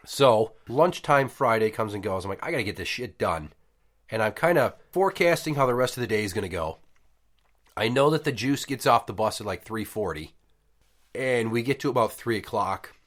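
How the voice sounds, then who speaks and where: Speaking at a moderate pace in a lowish voice, a thirtysomething podcast host tells a casual story. He curses freely, stays animated, and voices the other people in it.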